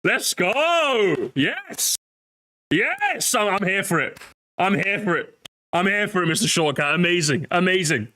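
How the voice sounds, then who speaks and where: A young man streaming, reacting to a video with excitable, mocking commentary, laughing often and swearing. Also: sits high, a little slow, slight background noise.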